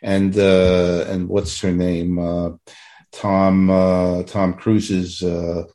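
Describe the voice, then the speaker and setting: A man co-hosting a casual fan podcast, talking with many pauses, fillers and restarts. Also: sits low, flat delivery, mellow. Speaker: podcast co-host.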